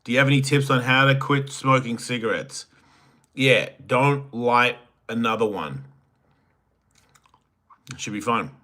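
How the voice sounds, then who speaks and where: A man's voice: medium pitch, unhurried, pauses often, sharp tone. A man hosting a solo livestream, reading viewer chats aloud and answering them with crude joking banter that sometimes trails off into mumbles. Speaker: podcast host.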